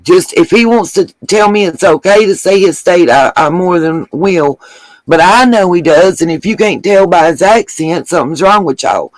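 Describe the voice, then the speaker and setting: A woman's voice: lowish voice, lively intonation, moderate pace, no room sound, poor audio. A middle-aged woman hosting a live stream, talking bluntly and angrily with lots of swearing. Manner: blunt, profane, fired-up. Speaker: livestream host.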